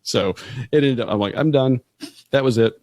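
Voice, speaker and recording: A man's voice: medium pitch, brisk, darkish tone, dry recording. A man co-hosting a podcast, telling stories in a chatty way with frequent restarts. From Florida, USA. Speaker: podcast co-host. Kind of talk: casual chat.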